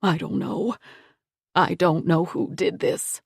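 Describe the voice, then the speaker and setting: A woman reading the part of a grief-stricken older grandfather who speaks in a shaky, tearful, halting voice. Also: sits high, fairly even intonation, vocal fry, slightly rough, no room sound, studio quality, exaggerated voice. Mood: distraught.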